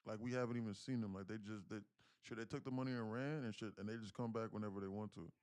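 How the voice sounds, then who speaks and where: Profane, animated streaming trader man. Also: lowish voice, quick pace, clean tone. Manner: profane, animated storytelling, gets loud and excited. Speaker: livestream day trader. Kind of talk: casual livestream chat.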